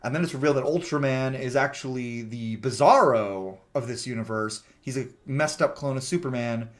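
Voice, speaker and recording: A man talking through a film in a relaxed, rambling recap, peppering his sentences with "like" and an occasional curse. His voice sits at an everyday mid pitch, and he slips into quick bits of character voices when quoting scenes. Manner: chatty, heavy with "like" fillers, swears freely; acts out characters' lines when quoting them. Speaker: movie reviewer. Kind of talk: casual plot-recap movie review.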